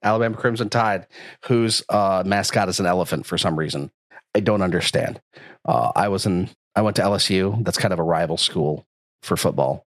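A man's voice: low-pitched, fairly quick, no echo, clean studio sound. A man hosting a podcast, joking around in casual banter and laughing often. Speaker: podcast host.

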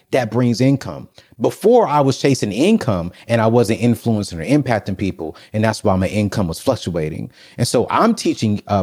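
Male guest, animated, sermon-like cadence, emphatic with rhetorical questions, wide swinging pitch. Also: husky. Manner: preacherly, fires off rhetorical questions; energetic and emphatic, acts out scenes. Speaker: podcast guest. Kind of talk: faith-based advice in conversation.

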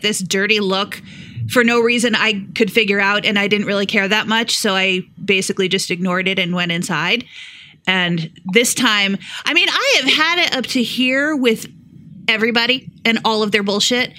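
A woman's voice: a little high, pushed and bright. A woman co-hosting a podcast, telling a profane story in casual chat and acting out the quoted lines with animation. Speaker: podcast co-host.

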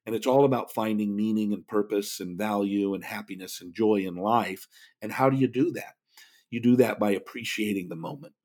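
In this podcast interview, a middle-aged man who works as an author and speaker tells earnest stories, often breaking into chuckles mid-sentence. His voice sits on the low side with a darkish tone, and his pace is fairly quick.

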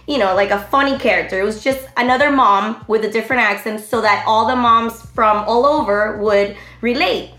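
A woman in her thirties, a guest telling her story in an animated, rambling way full of fillers. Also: a little high. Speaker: interview guest, online comedy creator. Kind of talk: casual interview chat. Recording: roomy echo.

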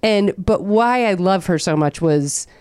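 A woman's voice: medium pitch, lively intonation, measured pace, a little mellow, clean tone, no room sound, studio quality. A woman hosting a podcast in casual chat, talking sports with strong opinions and jumping between tangents. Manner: chatty, jumps between tangents. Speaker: podcast host.

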